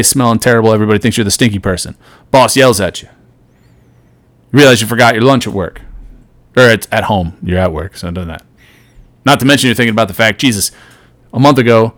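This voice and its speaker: A middle-aged man hosting a solo podcast, giving an earnest motivational talk that swings between loud and soft. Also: lowish voice, dry recording. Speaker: podcast host.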